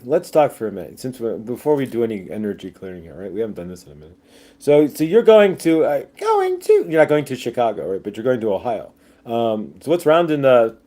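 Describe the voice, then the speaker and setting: A man with a mid-range, dark-toned voice hosts a casual livestream. He rambles with plenty of fillers and jokey asides while reading viewer comments aloud.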